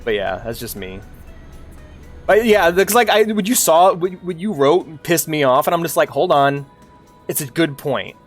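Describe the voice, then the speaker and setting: Young male streamer, lively swearing rant, faint game music under. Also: fairly high pitch, normal speed. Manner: animated, swearing, laughing ranter. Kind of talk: casual rant while gaming.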